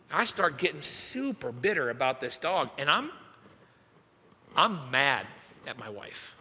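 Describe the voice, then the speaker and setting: A young adult man, a youth pastor, preaching a sermon as an animated, self-mocking storyteller. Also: medium pitch, measured pace, long reverb tail, slight background noise. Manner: animated, self-mocking storyteller acting out his own past lines. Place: church hall.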